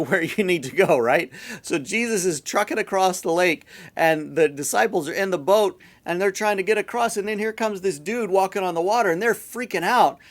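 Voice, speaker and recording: A man with a fairly high voice preaches a church sermon. He talks in a loose, chatty way and retells the story as he goes. He often restarts and repeats words while he finds the next thought. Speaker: pastor.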